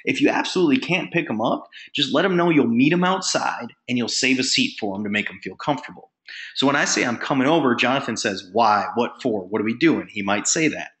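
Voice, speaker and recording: A man's voice: medium pitch, expressive, fast talker, fairly bright tone. Punchy, emphatic man giving sales training. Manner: emphatic, punchy, acts out sample phone calls. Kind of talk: motivational phone training talk.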